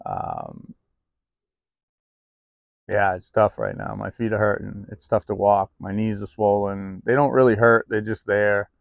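A man's voice: fairly low pitch, animated, measured pace, vocal fry, no room sound, narrow, tinny audio. A man talking candidly in a personal vlog, rambling and confessional with many ums and restarts, recorded outdoors in the cold. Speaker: vlogger.

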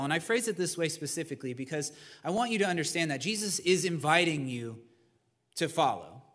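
A man's voice: on the high side, fairly bright tone. A man preaching a sermon as pastor in a church, talking to the congregation in a conversational way with asides. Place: church sanctuary. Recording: long reverb of a large hall.

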